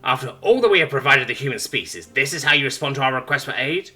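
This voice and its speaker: A man's voice: medium pitch, lively intonation, fast, pushed and bright, voice pushed up. A man voicing a haughty, imperious female alien ambassador with eight eyes, speaking with contempt. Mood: contemptuous. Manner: haughty, indignant.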